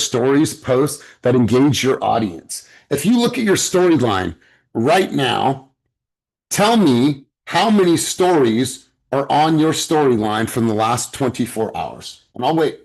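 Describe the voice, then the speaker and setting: Brief: male sales coach, video call, emphatic and pushy, mid-pitch. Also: very animated, a little slow. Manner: emphatic, exhorting, profane.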